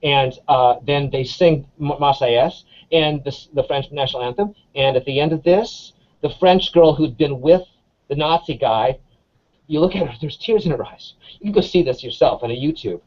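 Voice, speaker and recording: A man, an English professor, chatting in an interview as an animated storyteller full of restarts and fillers. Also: a little high, moderate pace. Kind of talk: casual conversational interview. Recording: dull lo-fi sound.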